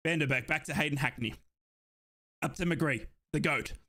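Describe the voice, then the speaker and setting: A young man giving excited fan commentary on a live football match, shouting in euphoric bursts and out of breath. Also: a little high, moderate pace. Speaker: fan watchalong streamer.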